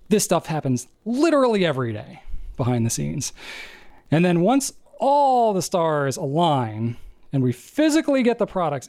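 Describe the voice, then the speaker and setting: A man co-hosting a casual podcast, explaining at length in an animated, rambling way. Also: a little high. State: out of breath. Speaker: podcast co-host.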